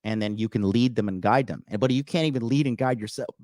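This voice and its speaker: A man's voice: medium pitch, fast talker, darkish tone, dry recording. Brash profane man on a livestream. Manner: profane, boastful and emphatic, with many fillers. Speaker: dating and self-improvement coach hosting a call-in show. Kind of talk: casual livestream monologue.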